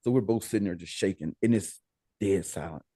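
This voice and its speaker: An American man as a podcast guest, telling a story in a casual, animated way, laughing and acting out the dialogue. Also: deep voice, fairly quick, breathy edge, dry recording.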